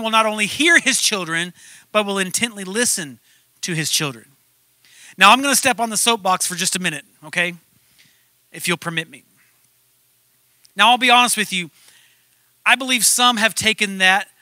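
A man's voice: high voice, bright, forceful tone, dry recording. A male pastor preaching a sermon in a conversational way that builds to emphatic points.

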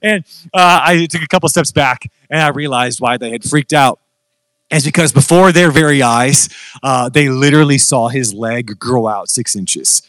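Animated, joking man preaching. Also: normal speed, no room sound. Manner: animated, self-deprecating humor, jumps to high pitch when excited. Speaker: guest preacher. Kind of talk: sermon storytelling.

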